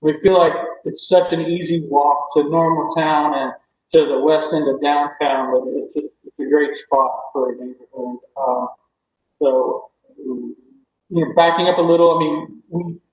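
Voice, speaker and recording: A man presenting his development project at a public meeting over a video call, talking loudly in a rambling way and running out of breath. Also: fairly high pitch, slight background noise. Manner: rambling, loud, many restarts. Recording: echoey, dull video call audio.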